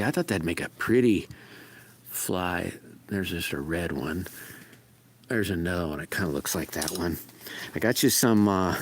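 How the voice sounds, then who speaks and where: A man's voice: deep voice, slight background noise. A man hosting a casual live stream outdoors among his farm animals, rambling and trailing off mid-sentence, recorded on a phone. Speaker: livestream host.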